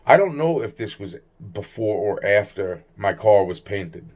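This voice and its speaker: Man, lowish voice, rambling agitated storyteller, swears constantly, trails off and restarts. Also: animated, a little slow, darkish tone. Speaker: vlogger recounting personal experiences. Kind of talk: rambling personal storytelling monologue.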